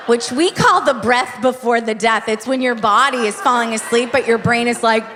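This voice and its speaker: A woman's voice: on the high side, moderate pace, hardly any pauses, fairly bright tone. Chatty woman comic in a reverberant hall. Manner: chatty, confiding, checks in with the crowd. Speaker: stand-up comedian. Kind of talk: stand-up comedy. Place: theater stage. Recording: reverberant live venue, faint noise.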